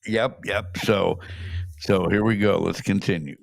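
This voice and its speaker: A man's voice: low voice, steady tone, unhurried, gravelly, no echo. A man hosting a show, chatting casually and explaining a played story, with some swearing. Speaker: host reacting to a clip. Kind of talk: casual commentary.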